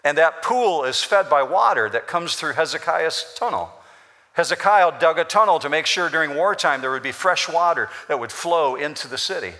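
Bright-voiced preacher in a reverberant hall. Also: male voice, a little high, animated, moderate pace. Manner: emphatic, explanatory preaching with repetitions. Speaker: pastor. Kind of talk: sermon. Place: church sanctuary.

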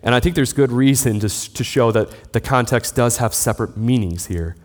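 Guy in his 30s giving a sermon, steady teaching voice, middle pitch, lots of hall echo. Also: moderate pace. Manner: steady teaching tone with rhetorical questions. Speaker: pastor. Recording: long hall reverb.

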